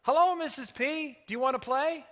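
A man's voice: sits high, big pitch swings, normal speed, sharp tone, voice pushed up, heavily acted. A man voicing a cheerful six-year-old girl in a sing-song child voice, told as a story in a sermon.

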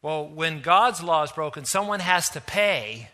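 A man preaching a sermon as pastor, retelling stories in an animated way and acting out the quoted lines. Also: on the high side, a little slow.

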